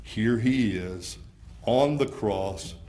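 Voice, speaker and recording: A man preaching a sermon, moving from hushed, quiet passages to fervent emphasis and pressing his listeners with repeated rhetorical questions. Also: mid-range voice, a little slow. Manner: impassioned, rising from hushed to fervent.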